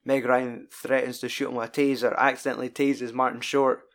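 A man's voice: mid-range voice, brisk. Sweary scottish guy rambling about films. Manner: sweary, rambling and animated retelling. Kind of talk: casual film chat.

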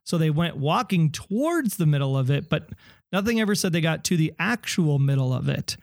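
A man's voice: on the high side, very animated, normal speed, no echo, studio quality. A man co-hosting a podcast, eager and theorizing, reading listener messages in casual chat. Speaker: podcast co-host.

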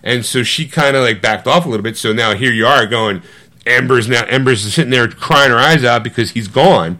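A middle-aged man co-hosting a podcast, retelling a movie in casual chat with animated, swearing storytelling that acts out other people's lines. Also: mid-range voice, a little fast. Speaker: podcast co-host.

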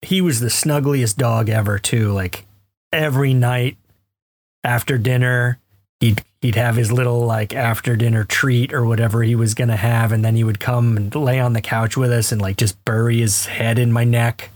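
A man's voice: mid-range voice, fairly even intonation, normal speed, dry recording. A man co-hosting a podcast, casually telling rambling stories and laughing as he talks. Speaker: podcast co-host. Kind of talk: casual chat.

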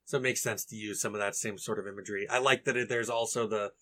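A man's voice: lowish voice, fairly even intonation, quick pace, sharp tone. A man co-hosting a casual book podcast, joking and laughing as he acts out scenes. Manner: laughing, playful, acts out characters. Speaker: podcast co-host. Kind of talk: casual book discussion chat.

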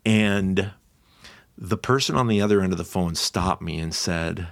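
A man with a low, gravelly voice hosts his podcast, opening the episode on his own. He talks earnestly and with open emotion, laughing often. The sound is close and dry. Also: unhurried, no room sound. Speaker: podcast host. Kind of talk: heartfelt solo podcast introduction.

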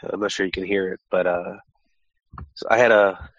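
A man co-hosting a casual football podcast while getting over a cold, talking with a slightly nasal, congested voice and a relaxed, joking manner. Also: low voice, moderate pace, dry recording, dull audio. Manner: relaxed, joking, many restarts. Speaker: podcast co-host. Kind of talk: casual chat.

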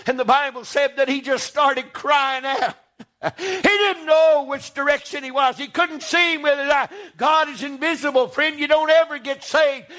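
A man preaching a sermon, impassioned, dropping low and then rising to shouts. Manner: impassioned, swings between hushed and shouting.

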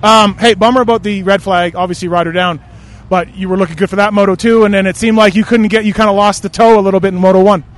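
A man interviewing racers after the race, asking questions in a joking, relaxed way outdoors at a race track. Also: sits high, quick pace.

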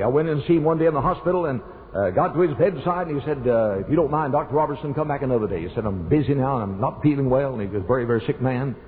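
An older man preaches, telling a personal story and pushing his voice up high for emphasis. The recording is thin and phone-like. A long reverb from the church hall trails behind each phrase. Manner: storytelling, emphatic rises in pitch. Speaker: pastor. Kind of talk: sermon.

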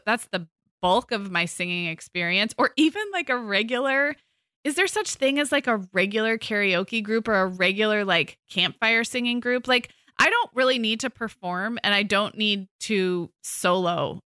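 A woman's voice: medium pitch, pushed and bright, dry recording, studio quality. A middle-aged woman co-hosting a podcast, chatting casually with plenty of fillers and restarts. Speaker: podcast co-host. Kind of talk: casual chat.

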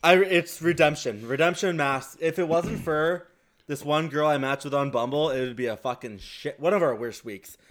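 Guy cohosting a podcast, kinda high voice, rambly self-conscious stories. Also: normal speed, fairly bright tone. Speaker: podcast co-host. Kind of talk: casual chat.

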